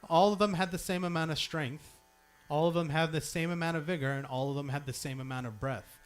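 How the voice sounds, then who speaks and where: A young temple singing leader, his voice a little high and his intonation fairly even, speaks briskly over soft background music. In the temple hall, he shows the congregation how to practice sustained notes, demonstrating and offering encouragement.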